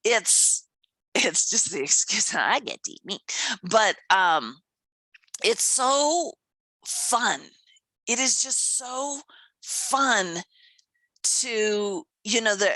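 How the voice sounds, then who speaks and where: A podcast co-host in her fifties talks slowly in a mid-range voice, enthusiastic and quick to laugh, acting out quoted voices during casual chat. There's no echo, though the audio is poor.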